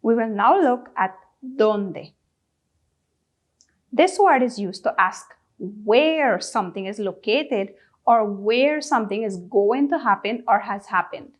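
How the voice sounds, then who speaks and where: A woman teaching a language lesson, drilling each question word and asking the listener to repeat after her. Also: fairly high pitch. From Guyana. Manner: drills words, pausing for repetition. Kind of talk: slow, deliberate classroom instruction.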